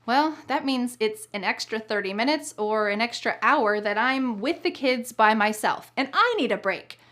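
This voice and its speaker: An American woman teaching an online English lesson, speaking clearly and cheerfully, laughing often and acting out tones of voice in her examples. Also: on the high side, expressive, normal speed, a bit bright.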